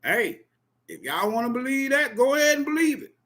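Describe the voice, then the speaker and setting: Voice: high-pitched, sing-song, fairly quick, a bit bright. Profane, emphatic tarot reader ranting. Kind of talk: impassioned spoken monologue.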